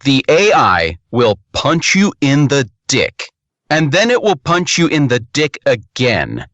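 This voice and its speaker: A man's voice: medium pitch, wildly swooping pitch, takes it slowly, fairly bright tone, no echo, dull audio. A man co-hosting a podcast, reviewing a game in rambling, casual, sometimes profane talk with lots of restarts.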